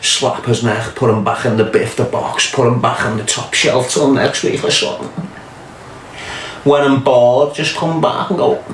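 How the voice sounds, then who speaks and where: A man's voice: mid-range voice, normal speed, slight background noise. A man with a Scouse accent, chatting to viewers on a livestream, swearing a lot and telling loose stories. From England. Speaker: livestream host. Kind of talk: casual livestream chat. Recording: echoey room with music behind.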